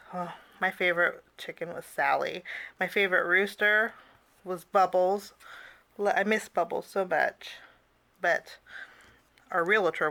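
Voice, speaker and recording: A woman's voice: on the low side, creaky, sharp tone. A woman teaching a casual cardmaking tutorial, chatty, with personal asides and frequent fillers.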